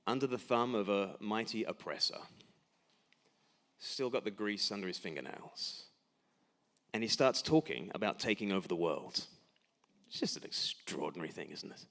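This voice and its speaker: A man's voice: on the low side, expressive, moderate pace, vocal fry, a bit bright. A man preaching a sermon in a church, emphatic, with rhetorical questions and repeated words at the start of his sentences.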